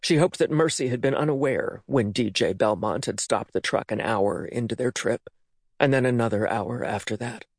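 A man reading an audiobook, narrating in an expressive, dramatic way. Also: mid-range voice, moderate pace, husky, no room sound, studio quality. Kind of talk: scripted narration.

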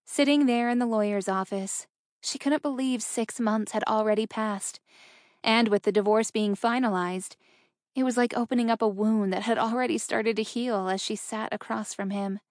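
A woman's voice: fairly high pitch, steady tone, moderate pace, no echo. Woman narrating an audiobook, dry.

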